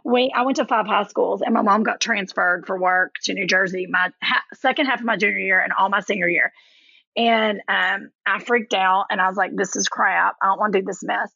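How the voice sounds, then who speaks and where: Chatty Southern woman, husky and bright. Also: medium pitch, normal speed, no echo, highs cut off. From Kentucky, US. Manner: chatty and animated, calls people honey and y'all. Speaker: podcast guest. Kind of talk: casual chat.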